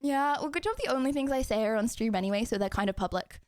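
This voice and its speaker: Young woman streamer, high voice, bubbly and giggly, casual live chat. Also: fast, smooth, no room sound, studio quality.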